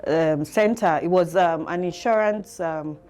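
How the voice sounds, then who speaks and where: A woman with a Nigerian accent, telling her story as an interview guest in a reflective, halting way full of fillers. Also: on the low side, a little mellow. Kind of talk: conversational interview.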